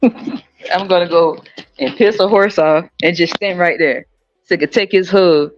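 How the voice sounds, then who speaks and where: A podcast host from the US West Coast in a casual monologue, animated and profane, laughing often and jumping up in pitch. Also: a little slow. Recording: slightly muffled, faint music.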